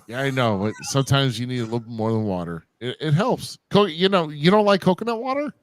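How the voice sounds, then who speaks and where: A man's voice: mid-range voice, animated, a little fast, a little hiss or hum. A man co-hosting a casual wrestling recap podcast, loose and joking, calling people bro and dude. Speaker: podcast co-host.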